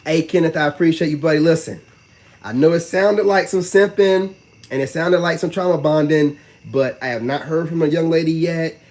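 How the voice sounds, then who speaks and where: A man with a slightly mellow, higher-pitched voice talks to his live chat as a vlogger. His speech is loose, fast and slang-heavy, rambling along with repeated "you know what I'm saying."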